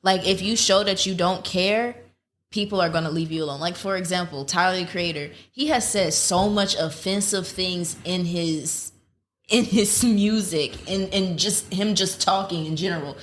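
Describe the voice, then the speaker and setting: Frank woman with a lowish voice. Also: moderate pace. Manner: relaxed, frank and opinionated. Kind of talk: casual chat.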